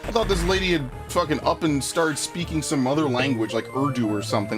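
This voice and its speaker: This young man's voice is fairly high and fairly quick, with hardly any pauses. Over game music, he rambles through a let's-play story, swearing constantly and ranting excitedly as he gets worked up.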